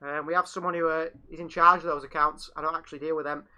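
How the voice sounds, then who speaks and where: A man's voice: fairly high pitch, flat delivery, fast talker, pushed and bright, clear, resonant tone, muffled recording. A man hosting a live fan commentary stream, calling the match and reading out viewer chat. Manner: chatty, reads out viewer chat between play calls. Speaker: fan channel host.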